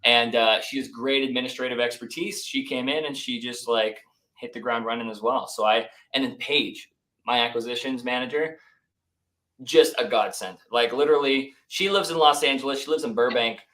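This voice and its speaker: A young man in a relaxed interview, swapping stories about business partners. He acts out quotes with lively voices. His tone stays casual and friendly. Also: mid-range voice, normal speed, low-quality recording. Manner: animated, acts out quotes, says "like" and "dude" often. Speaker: business founder, podcast guest.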